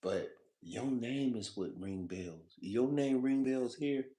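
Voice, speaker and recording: A man's voice: mid-range voice, animated, slow pace, dark tone, reverberant. A man vlogging in a loose, profane, rambling monologue, repeating himself, laughing often and talking straight to the viewer. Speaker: food vlogger.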